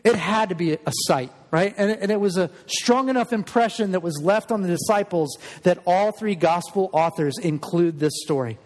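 Male pastor, earnest sermon, emphatic, higher-pitched voice, long echoing church reverb. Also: normal speed, hardly any pauses. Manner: earnest and emphatic, repeats words.

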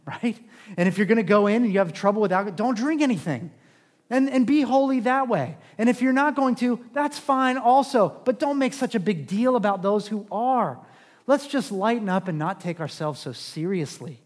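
A man preaching a sermon in a conversational way, asking rhetorical questions and swinging between loud and hushed. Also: high voice, lively intonation, normal speed. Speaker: pastor. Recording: long reverb of a large hall.

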